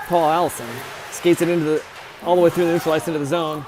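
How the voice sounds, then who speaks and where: This man's voice sits a little high and stays level as he talks fast over a noisy background. He's an amateur doing loose play-by-play of a youth hockey game at an ice rink, chatting away and frequently fixing players' names.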